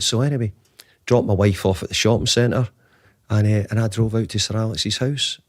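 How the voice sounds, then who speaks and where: A man in his fifties, a football manager appearing as a guest, tells a long, animated anecdote, restarting often and acting out the quoted dialogue. His voice is on the low side and creaky, at a normal speed. The recording is dry and studio quality.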